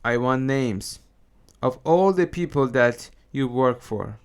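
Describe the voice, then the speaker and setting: A man teaching English phrases in a slow, deliberate, scripted lesson narration. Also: mid-range voice, animated, clean tone.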